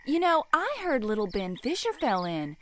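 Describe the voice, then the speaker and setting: A woman's voice: fairly high pitch, huge pitch swings, moderate pace, background noise. A woman playing a doting, folksy older mother with a drawling, theatrical way of talking.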